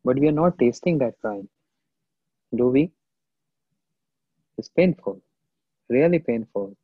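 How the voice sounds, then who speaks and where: A man delivers a slow, reflective devotional lecture, pausing often and quoting verses in an Indian language. His voice is husky and sits at a middle pitch. The sound is tinny and phone-like, with a dry, close feel. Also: lively intonation, dry recording. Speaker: spiritual teacher.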